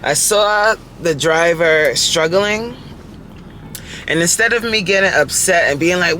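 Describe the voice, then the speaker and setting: A woman in her forties, a fitness coach vlogging casually from her car, talking straight to viewers with lively rhetorical questions. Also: on the low side, a little slow. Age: 40s. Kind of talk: casual chatty vlog while driving. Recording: faint car noise in background. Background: faint road and vehicle noise.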